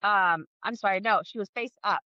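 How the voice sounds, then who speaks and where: A woman in her thirties, a podcast guest, telling her birth story in a casual, animated way, acting out the people she quotes. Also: mid-range voice, normal speed, dry recording, highs cut off. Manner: animated, acts out quoted dialogue, laughs often.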